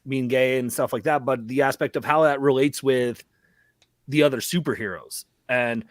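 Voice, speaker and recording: A man's voice: mid-range voice, fairly even intonation, normal speed, no room sound. A man talking casually on a live-streamed panel, rambling with lots of fillers.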